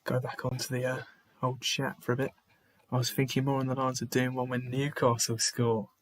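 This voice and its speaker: Commentating a live match watchalong, this streamer talks to people in his chat by name, sighs a lot and keeps restarting what he says. His mid-range voice is completely flat and moves at a normal speed.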